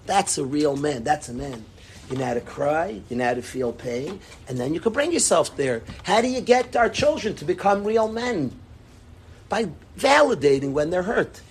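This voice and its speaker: A man teaching a religious class in an impassioned, emphatic way, repeating his points and swinging between loud and hushed. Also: sits high, a little hiss or hum. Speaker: Torah teacher.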